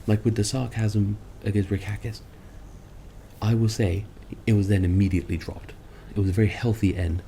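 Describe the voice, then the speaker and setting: This vlogger's commentary is a sarcastic, wandering rant about other creators, laced with self-mockery. He talks at a normal pace in a fairly low, even, mellow voice with vocal fry, and a slight hiss or hum runs under the recording.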